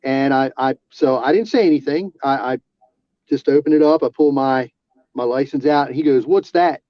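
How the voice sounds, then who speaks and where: A man, an auxiliary police officer, telling a personal story in casual talk, halting with restarts and fillers. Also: mid-range voice, dry recording. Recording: dull lo-fi sound.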